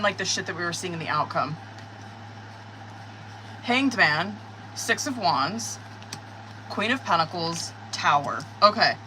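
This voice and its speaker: A woman reads tarot on a live stream, fast to get fired up and quick to curse. Her voice is bright and crisp at an everyday pitch, with a faint background hum. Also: low-quality recording. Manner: excitable, cursing, talks to viewers. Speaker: tarot reader.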